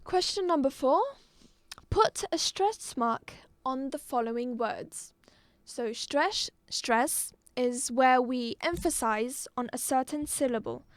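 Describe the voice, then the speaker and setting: A woman teaching a live online exam-prep lesson, patient, repeating words slowly and clearly. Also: sits high, lively intonation, no room sound. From Algeria.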